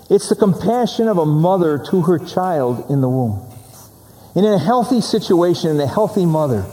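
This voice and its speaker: A man's voice: a little high, mellow, big-room sound. A man preaching a sermon, stressing and repeating key words as he teaches from scripture.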